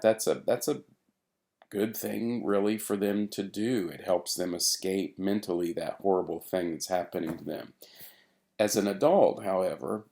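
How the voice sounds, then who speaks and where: A middle-aged man giving a recorded therapy training lecture in a relaxed, conversational way, with frequent fillers and restarts. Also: sits low.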